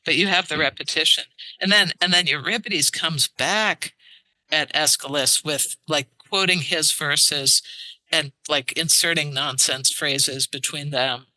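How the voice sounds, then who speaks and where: A woman translator, a guest on a podcast, explaining in an animated way and tapping out verse rhythms aloud. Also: low voice, measured pace, dry recording, rough recording. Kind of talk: casual podcast interview. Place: studio.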